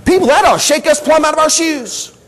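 High-pitched preacher in full sermon. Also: male voice, animated, a little fast, low-quality recording. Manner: emphatic preaching with repetitions and rising exclamations. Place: church service.

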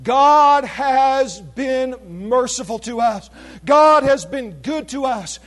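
A man preaching a sermon, reading scripture aloud and calling out to his congregation with shouted exclamations, while losing his voice. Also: very high voice, animated, slow pace. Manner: reads scripture in King James wording.

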